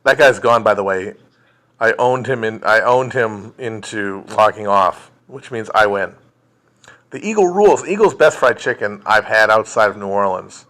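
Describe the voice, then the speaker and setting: A man's voice: lowish voice, lively intonation, moderate pace, a bit bright. A man hosting a casual livestream chat, answering viewer questions in a blunt, profane, joking way. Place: indoors at home, streaming. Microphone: phone livestream.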